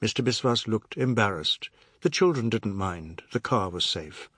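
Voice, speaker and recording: A man reading a novel aloud as an audiobook narrator, in a measured, expressive way. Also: lowish voice, slightly rough, no room sound, studio quality.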